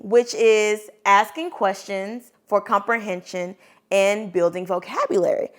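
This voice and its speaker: A woman preschool teacher giving a teaching demonstration of reading aloud, animated and expressive, with playful sound effects. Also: mid-range voice, unhurried.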